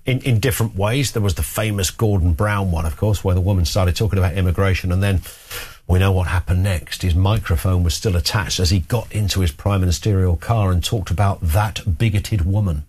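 A man hosting a phone-in radio talk show, chatting and telling jokey stories. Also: on the low side. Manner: chatty, jokey, lively storytelling.

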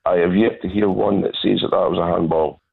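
A man's voice: sits low, fairly even intonation, brisk, vocal fry, breathy edge. A man calling in to a radio show, insistent and aggrieved as a football fan. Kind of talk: phone-in call. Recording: tinny phone line.

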